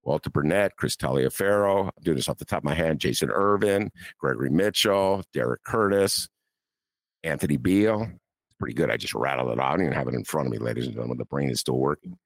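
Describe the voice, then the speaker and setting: A man's voice: rumbling low, fast, gravelly, no room sound. A man hosting a talk show, riffing with mock outrage and laughter. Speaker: podcast host. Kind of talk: casual political commentary.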